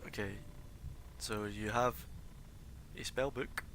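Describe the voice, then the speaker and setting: Acting as dungeon master, a man narrates a tabletop game through a streaming desk mic, slight background noise audible behind him. His talk is casual, full of swearing and fillers, delivered slowly in a lowish, a bit bright voice with fairly even intonation.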